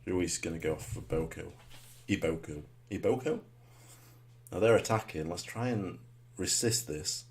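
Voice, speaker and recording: A man giving live commentary on his own football game, muttering rhetorical asides and breaking into sudden excited shouts. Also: sits low, moderate pace, creaky.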